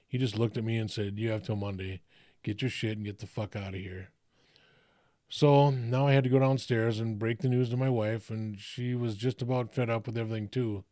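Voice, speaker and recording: A man's voice: on the low side, dark tone, no echo, clean studio sound. A middle-aged man telling a story from his own life in a blunt, profane, plain-spoken way. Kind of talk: casual first-person storytelling.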